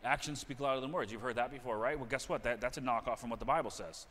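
A man's voice: medium pitch, fast, a bit bright, in a large hall, slight background noise. A middle-aged man preaching a sermon as pastor, talking in a conversational way that repeats and restarts phrases. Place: church sanctuary.

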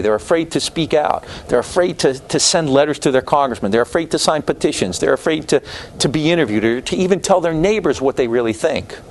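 A man giving a university history lecture, growing animated and climbing in pitch when indignant, with frequent restarts. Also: slight background noise. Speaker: history professor.

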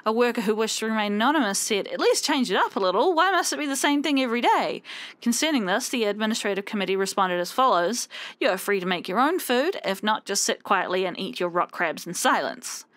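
A woman's voice: mid-range voice, animated, fairly quick, a bit bright, no echo. New lady reading game news like an anchor, little stumbles, mid voice. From New Zealand. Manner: reads in a mock news-anchor voice, stumbles and laughs. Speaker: let's play host. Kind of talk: reading game text aloud with commentary.

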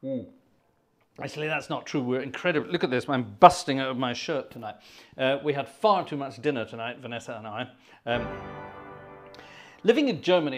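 A man hosting an organ music livestream, chatting in a rambling, self-mocking way between pieces and a bit out of breath. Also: mid-range voice. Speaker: host. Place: home room with a digital organ.

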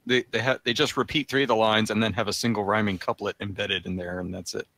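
A man's voice: lowish voice, fairly even intonation, fast talker, a crowd in the background. A man co-hosting a comedy podcast, making wry, dry comments in casual chat. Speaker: podcast co-host.

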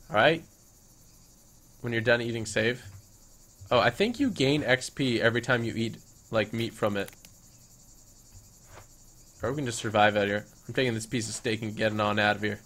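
A young man doing playful, hammy let's-play commentary, now and then bursting into loud excited shouts and talking to the game's creatures in a mock-grand voice. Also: on the low side, moderate pace, long pauses. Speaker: gaming YouTuber.

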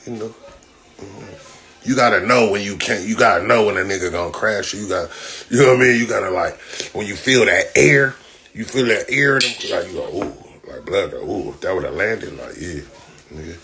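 A man's voice: fairly low pitch, expressive, normal speed, background noise. A man, a boxer on a livestream, ranting in profane trash talk full of repeated slang fillers. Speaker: boxer livestreaming after a fight. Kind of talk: casual livestream rant.

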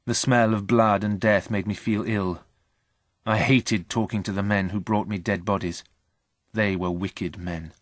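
A man reading a story aloud in a slow, plain and steady way. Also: fairly low pitch, dry recording, clean studio sound. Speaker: reader. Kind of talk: scripted story narration.

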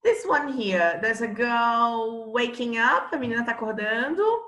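A woman's voice: a little high, very animated, measured pace, sharp tone, roomy sound. A woman teaching children a phonics lesson, patient and coaxing, often checking in with short questions.

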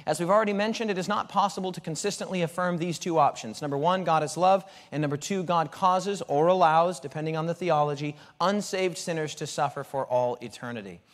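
A man preaching a sermon as a pastor, animated, asking rhetorical questions, often restarting his phrases. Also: on the high side, a little fast, few pauses. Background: audience present.

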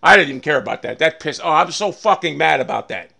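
A high, gravelly man streaming a shooter game, muttering and swearing in an angry rant. His voice is bright and edgy, and he swings from low grumbles to sudden yells. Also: very animated, quick pace, few pauses. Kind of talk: live game streaming commentary.

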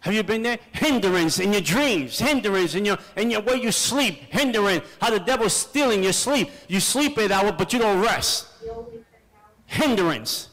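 High-voiced older male preacher in a hall. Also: animated, a little slow, fairly bright tone. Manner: rhetorical questions, repetitive and punchy. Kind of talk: preaching at a seminar.

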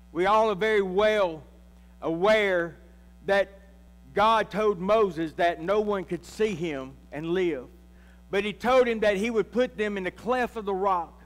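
A man's voice: high-pitched, big-room sound. A man, a pastor, preaching a sermon and calling out to his congregation. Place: church sanctuary.

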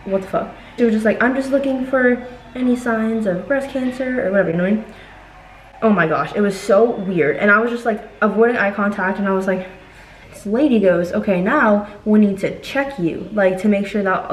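A woman's voice: medium pitch, roomy sound, distant mic, slight background noise, rough recording. A young woman vlogger telling a story in casual chat while cooking at home, dramatic and full of filler words. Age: young adult.

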